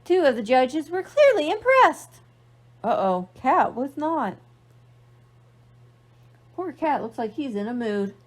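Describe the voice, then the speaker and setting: High-voiced librarian reading to kids. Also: female voice, very animated, takes it slowly, long pauses. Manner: playful, asks children questions. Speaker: children's librarian reading aloud. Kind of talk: storytime read-aloud for kids.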